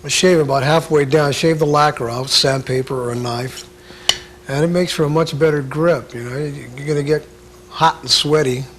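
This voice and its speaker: A man giving a casual drum lesson, talking in a laid-back, halting way full of filler sounds. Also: fairly high pitch, steady tone, a bit bright, slight background noise. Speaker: drum instructor. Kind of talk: casual instructional talk.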